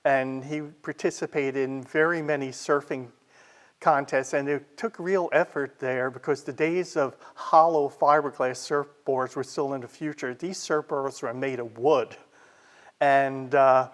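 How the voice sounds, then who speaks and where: A man presenting a library history talk in a chatty, informal way, often pausing on "uh" and adding side remarks. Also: mid-range voice. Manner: chatty, with frequent "uh" fillers and asides.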